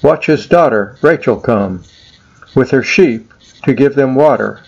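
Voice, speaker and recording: Friendly local shepherds, as a man reading a storybook poem puts them on, helpful and welcoming. The voice is at a middling pitch, in a slightly dull lo-fi recording. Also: animated, unhurried, gravelly, darkish tone, breathy edge, heavily acted.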